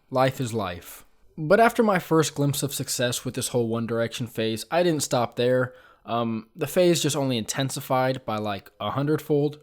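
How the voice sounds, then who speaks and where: A young man and vlogger telling a comic story about his past in a casual, self-mocking way, with frequent ums and uhs. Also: mid-range voice. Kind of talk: comedic storytime narration.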